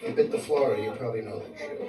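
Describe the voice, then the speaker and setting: A man's voice: mid-range voice, very fast, heavy background noise. A man from New doing brash stand-up with stammered restarts and crude punchlines. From New York City. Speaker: stand-up comic. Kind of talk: live stand-up set. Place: comedy club stage with audience. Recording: roomy live club recording from a distance. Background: audience laughter.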